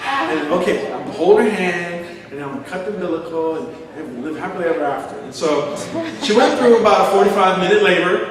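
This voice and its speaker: Middle-aged pastor preaching in an echoey hall. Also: male voice, high voice, animated, brisk, recorded from a distance, crowd noise. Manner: storytelling, acting out quotes, chuckling. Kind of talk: sermon. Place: large church hall.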